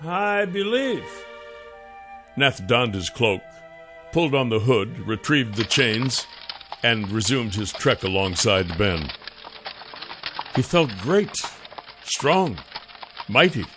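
Slow, expressive male audiobook narrator. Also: on the low side, music in the background. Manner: measured, expressive storytelling.

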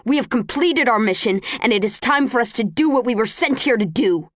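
A woman's voice: fairly low pitch, normal speed, slight background noise, natural voice. A woman voicing a stern, preachy older man. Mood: insistent.

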